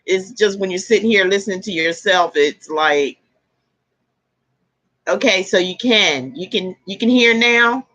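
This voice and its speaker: A woman's voice: mid-range voice, expressive, measured pace, a bit bright, lo-fi sound. A woman hosting a casual livestream from a room at home, chatting, laughing often and greeting her viewers by name. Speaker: tarot reader hosting a livestream. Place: indoor room with air conditioner and fans.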